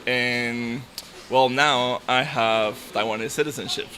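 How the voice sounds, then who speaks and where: A Nicaraguan man in his thirties, a native Spanish speaker with a Nicaraguan Spanish accent, chats easily as an interview guest. His medium-pitched voice has fairly even intonation, a slow pace, and a sharp tone. He's easygoing and laughs often in this casual interview conversation.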